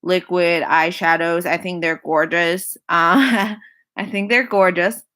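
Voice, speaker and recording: Speaking in a somewhat low, slightly bright voice, a twenty-something makeup vlogger casually goes over the products on her wishlist. She keeps repeating herself and sighs or laughs between picks.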